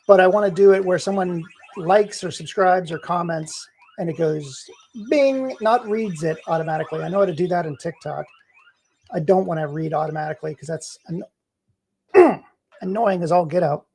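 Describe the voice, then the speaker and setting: A man's voice: high-pitched, gravelly, a little mellow, a little hiss or hum. A middle-aged man chatting casually and rambling while he plays a game on a live stream, laughing often and hiccuping.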